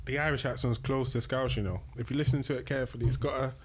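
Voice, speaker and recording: A man's voice: medium pitch, steady tone, fast talker, a crowd in the background. Teasing man in casual chat. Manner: teasing, slangy, questioning.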